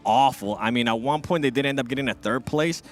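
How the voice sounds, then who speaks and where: A man's voice: medium pitch, fast talker, soft background music. A man working as an esports analyst, giving casual, frank breakdowns of teams.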